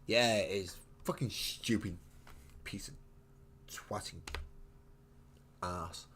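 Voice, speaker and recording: A very low-pitched English man rambles to his live-stream viewers while painting miniatures at home. He is blunt and mocking, and he swears in nearly every sentence. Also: slow, a bit bright, a little hiss or hum. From England. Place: home hobby room.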